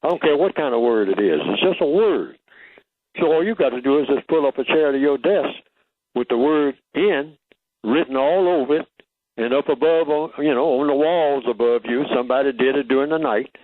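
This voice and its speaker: A man's voice: medium pitch, brisk, no echo. An older man speaking as a guest on a radio talk show, teaching emphatically and asking rhetorical questions. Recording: tinny phone line, dry.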